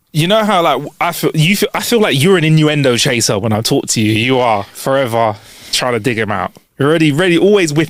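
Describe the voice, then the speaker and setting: A man's voice: mid-range voice, dry recording. A man hosting a podcast, telling stories in a loose, jokey way with frequent laughs. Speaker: podcast host. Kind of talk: casual chat.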